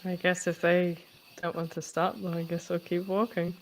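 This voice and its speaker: A woman's voice: on the low side, level tone, normal speed, slight background noise, rough recording. A woman tabletop player speaking in character, dry and teasing.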